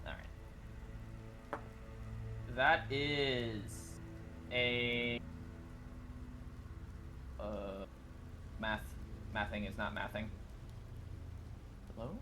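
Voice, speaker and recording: A man's voice: medium pitch, steady tone, very slow, long pauses, music in the background. A man playing in a tabletop game, chatting casually and correcting himself as he goes. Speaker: player.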